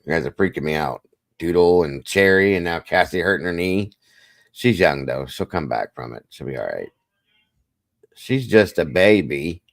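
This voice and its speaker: His voice is extremely low and creaky, moving at normal speed in a dry recording. He's hosting a casual livestream, rambling in a relaxed way, reading chat out loud and greeting and thanking viewers by name.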